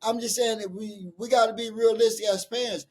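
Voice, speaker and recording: A man's voice: high voice, steady tone, a little fast, darkish tone. A man co-hosting a podcast, arguing his point in casual, profane, insistent chat and talking over his partner. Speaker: podcast co-host.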